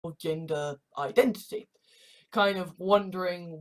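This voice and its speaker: A woman's voice: on the low side, unhurried. A woman talking casually and profanely, acting out other people's reactions as she rants. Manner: profane, animated, acts out quoted reactions. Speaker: host. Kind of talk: casual ranting commentary.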